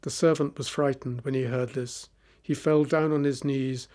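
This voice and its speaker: Clear, steady male story narrator. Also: medium pitch, normal speed. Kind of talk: graded-reader story narration.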